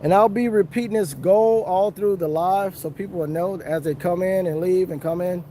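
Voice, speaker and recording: A man's voice: high-pitched, moderate pace, warm tone, a little hiss or hum. A man chatting casually and earnestly to viewers on an outdoor fishing livestream. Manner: chatty, repetitive, earnest, chuckling. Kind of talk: casual live-stream chat. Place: outdoors under a tree.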